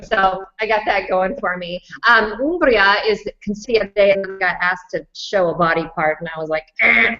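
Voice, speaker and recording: A woman's voice: mid-range voice, moderate pace, hardly any pauses, fairly bright tone. A woman hosting a casual live chat, bubbly and laughing often. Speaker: livestream host. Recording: dull lo-fi livestream audio.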